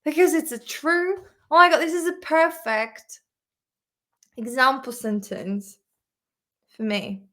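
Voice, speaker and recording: Woman English teacher, slow-paced, giggly and chatty, live-stream lesson. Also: high-pitched, fairly even intonation, sharp tone. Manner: chatty, giggly, laughs often. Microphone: desk camera mic on a makeshift stand.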